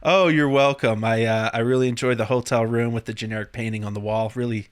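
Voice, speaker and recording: Friendly channel host on a video call. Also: male voice, mid-range voice, fairly even intonation, quick pace, clean tone. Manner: friendly, laughs easily. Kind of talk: casual interview chat.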